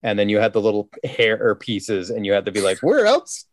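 A man's voice: fairly low pitch, flat delivery, brisk, no room sound. A man guesting on a podcast, joking crudely and slipping into mock voices in casual chat.

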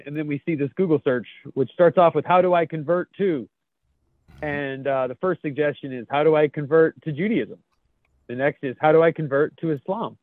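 A man's voice: fairly high pitch, dry recording. A man co-hosting a podcast, chuckling as he reads out memes in a casual, jokey chat. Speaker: podcast co-host. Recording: tinny phone-like line, dry.

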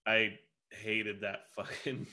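Man, 30s, casual podcast host, bright voice, jokey, swears. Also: lowish voice, little pitch movement, slow. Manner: joking, offhand, swears freely. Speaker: podcast co-host running a trivia game. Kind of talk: casual chat.

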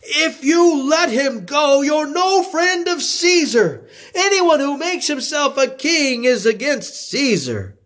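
An angry, demanding crowd, voiced by one man reading scripture, crying out in high, stretched shouts. The delivery is slow, with pitch leaping widely. It sounds like a scripture reading. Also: big pitch swings, full character voice. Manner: shouted, drawn-out cries.

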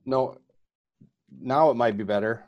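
A man's voice: medium pitch, a little slow, darkish tone, dull audio, a little hiss or hum. Guy hosting a chatty online talk show, stops and starts, asks lots of questions. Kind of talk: casual online discussion.

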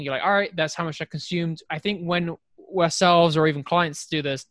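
A man's voice: on the high side, fairly bright tone, dry recording, studio quality. A man co-hosting a casual podcast chat, rambling and correcting himself, laughing often.

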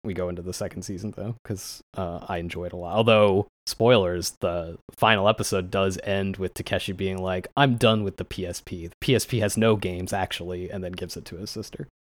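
Man, podcast co-host, fairly low voice, dry sound, casual rambling, laughs a lot. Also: steady tone, a little fast, hardly any pauses, dry recording. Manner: rambling, laughs often, acts out quotes in higher voices. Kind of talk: casual anime podcast chat.

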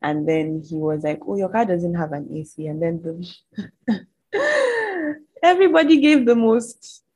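A young woman from Nigeria with a Nigerian English accent, chatting to camera in an animated, exasperated way. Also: on the low side, takes it slowly, long pauses, slightly rough, poor audio. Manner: animated, exasperated storytelling with mocking quoted voices. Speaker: vlogger. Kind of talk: casual chat to camera.

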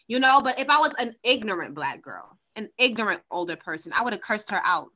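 A woman's voice: a little high, animated, a little fast, hardly any pauses, pushed and bright. A woman guest on a podcast, chatting casually and animatedly, acting out quotes as she tells stories.

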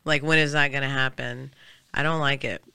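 A woman's voice: extremely low pitch, fairly even intonation, moderate pace, gravelly, pushed and bright, clean tone, no echo. A woman hosting a casual show, chatty and loose, laughing often between her remarks. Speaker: host. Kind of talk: casual chat.

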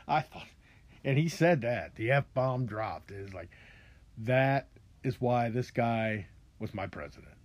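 A man's voice: mid-range voice, animated, slow pace, long pauses, no echo. A man hosting a podcast, ranting in a rambling, profane monologue full of restarts and asides. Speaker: podcast host.

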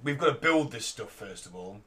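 A man's voice: medium pitch, lively intonation, a little fast, bright, forceful tone. A man co-hosting a podcast, talking in a rambling, hesitant way with lots of asides. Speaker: podcast co-host. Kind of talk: casual chat.

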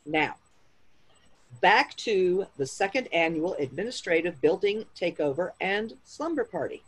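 A woman's voice: lowish voice, very animated, a little slow, breathy edge, poor audio. A woman delivering a comedic monologue in a precise, musing way.

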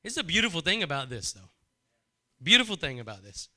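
A man preaching a sermon, often repeating his phrases and building in fervor before dropping to a hushed prayerful tone. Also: fairly high pitch, sing-song, brisk. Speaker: pastor.

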